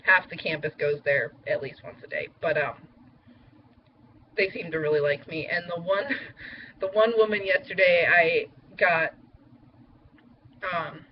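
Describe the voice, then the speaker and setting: A woman's voice: fairly low pitch, measured pace, pauses often, muffled recording, slight background noise. Chatty young woman vlogging, fillers. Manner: chatty, rambling, many fillers. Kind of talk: casual weight loss update vlog.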